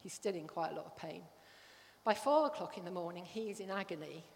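A woman's voice: lowish voice, a little fast, gravelly, darkish tone. A middle-aged woman giving a sermon, telling a personal story in an earnest way. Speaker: church speaker. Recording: long hall reverb.

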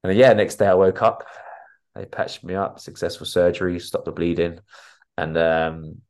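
Deep-voiced man telling his story. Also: steady tone, moderate pace, a little mellow. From North London. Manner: candid, vivid retelling, acts out quoted dialogue. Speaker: podcast guest, coach. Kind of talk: casual interview storytelling.

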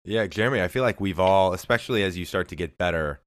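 Man, very deep voice, podcast host, earnest questions, dry close sound. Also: fast, dry recording. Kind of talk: interview questions.

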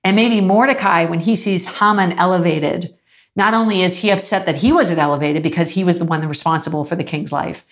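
A woman preaching in a relaxed conversational way, telling stories, acting out the people she quotes and laughing now and then. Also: on the low side, brisk. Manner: animated storytelling, acts out quoted voices, laughs often. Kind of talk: conversational sermon with storytelling.

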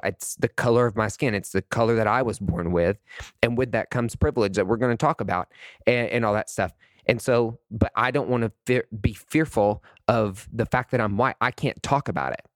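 A man's voice: fairly low pitch, dry recording. Fired-up man ranting on his podcast. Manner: heated, emphatic, swears often, sassy asides. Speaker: podcast host. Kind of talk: impassioned unscripted monologue.

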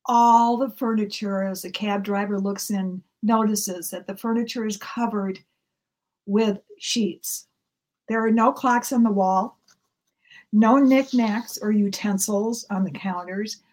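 A woman pastor telling a heartfelt story in a gentle, storytelling manner from the pulpit. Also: mid-range voice, steady tone, slow. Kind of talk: sermon storytelling.

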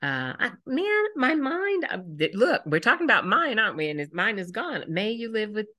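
A middle-aged woman, a podcast guest, telling lively, rambling stories in casual talk with many fillers. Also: on the high side, moderate pace.

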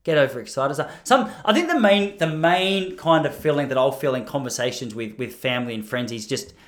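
A man's voice: mid-range voice, animated, brisk. A man, a comedian talking in a casual, rambling, self-deprecating monologue.

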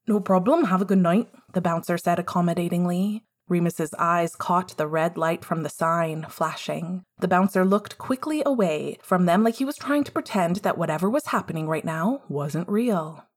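A woman reads a fan fiction story aloud, her voice low-pitched and husky. She tells it in an expressive, measured storytelling manner. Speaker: narrator. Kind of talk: fan fiction audiobook reading.

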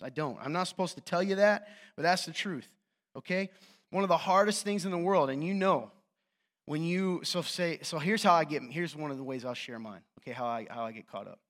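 A man preaching a sermon to a room as a youth pastor, passionate and animated, with joking, self-mocking asides. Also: a little high. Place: church hall with an audience.

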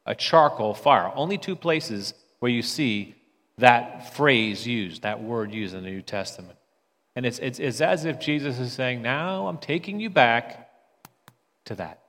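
A man's voice: mid-range voice, expressive, unhurried, a bit bright, in a large hall. A man preaching a sermon in a conversational way, often stumbling and repeating words as he restarts.

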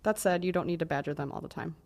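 A woman co-hosts a casual advice podcast with a practical, reassuring manner. Her voice is slightly low for a woman. She speaks in an easy conversational way. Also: rapid-fire, a little mellow.

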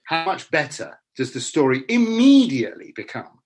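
Husky, animated middle-aged man. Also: a little high, moderate pace. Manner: animated, blunt storyteller with frequent restarts. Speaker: actor being interviewed. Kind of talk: casual interview chat.

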